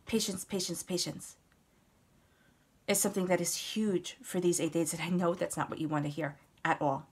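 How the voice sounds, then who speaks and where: Lower-voiced woman giving an earnest tarot reading. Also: steady tone, moderate pace, breathy edge. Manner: earnest, talks straight to the listener, repeats words for emphasis. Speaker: tarot reader. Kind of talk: casual spoken tarot reading.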